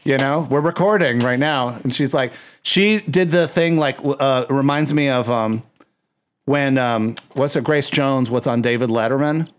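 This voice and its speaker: A man co-hosting a podcast in casual chat, telling animated stories and acting out quotes. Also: medium pitch, moderate pace, smooth. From United States. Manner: animated storyteller, acts out quotes. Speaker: podcast co-host.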